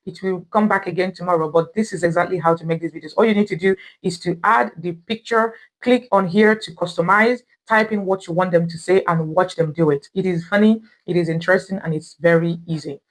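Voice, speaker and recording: A woman's voice: on the low side, a little fast, hardly any pauses. A woman with a Nigerian accent hosting a how-to tutorial, explaining each step patiently and repeating herself. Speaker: tutorial host. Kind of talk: screen-recorded how-to tutorial.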